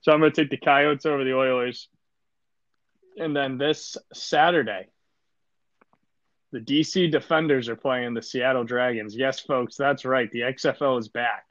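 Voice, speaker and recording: Casual male podcast co-host, rambling and deadpan, mid-pitched voice, dry and slightly muffled recording. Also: moderate pace, no echo. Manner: laid-back, rambling with many fillers, deadpan joking. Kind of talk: casual sports podcast chat.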